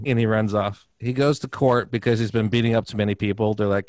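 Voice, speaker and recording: A man's voice: mid-range voice, quick pace, few pauses, no echo. A man casually retelling a film plot, acting out the characters' lines as he goes. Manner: animated retelling, acting out quotes. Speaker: movie recapper. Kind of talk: casual chat.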